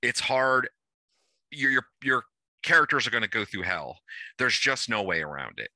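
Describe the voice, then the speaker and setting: A man organizing a tabletop game and explaining its rules in a relaxed, rambling way, often restarting as he thinks aloud, heard over an online call. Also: mid-range voice, moderate pace, no echo.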